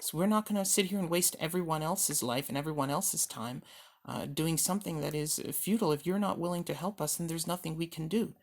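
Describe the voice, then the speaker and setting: A man's voice: on the high side, fairly quick. A man playing a stern, condescending hospital doctor, raised and pushy. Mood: lecturing. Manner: lecturing, scolding, bureaucratic. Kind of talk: amateur one-man reenactment.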